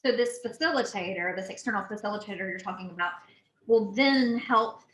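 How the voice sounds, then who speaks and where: A woman's voice: medium pitch, brisk, fairly bright tone, roomy sound, poor audio. A woman hosting an interview, affirming her guest with frequent "mm-hmm" and "yeah" and asking open questions. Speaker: interview host, nonprofit facilitator.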